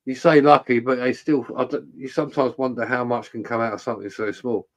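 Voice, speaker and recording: A man in relaxed conversation. He circles his point with repeated false starts and tag questions. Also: medium pitch, fast. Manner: rambling, hesitant, with repeated restarts. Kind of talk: casual chat.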